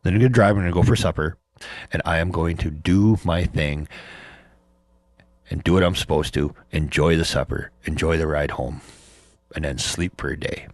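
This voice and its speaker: A man's voice: extremely low pitch, normal speed, pauses often, no room sound. A middle-aged man hosting a casual livestream from home, telling rambling stories, swearing freely and laughing at himself. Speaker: livestream host chatting with viewers. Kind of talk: casual storytelling.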